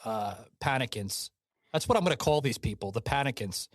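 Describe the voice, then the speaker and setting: Animated, profane podcast co-host man. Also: medium pitch, a little fast, no room sound, studio quality. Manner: profane, stammering restarts, frequent laughs. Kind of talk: casual political banter. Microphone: studio mic.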